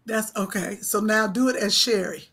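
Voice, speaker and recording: A woman's voice: medium pitch, moderate pace, fairly bright tone, slightly rough. A middle-aged woman co-hosting a comedy podcast, teasing her partner and rambling through plans in casual chat. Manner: teasing, talkative, rambling planning. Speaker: podcast co-host.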